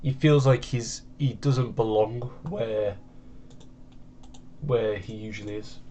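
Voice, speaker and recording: A man's voice: lowish voice, slow pace, dark tone, a little hiss or hum. A man from the United Kingdom giving rambling, casual commentary over a video game at his home computer. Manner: rambling, meandering chat. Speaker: gaming channel host.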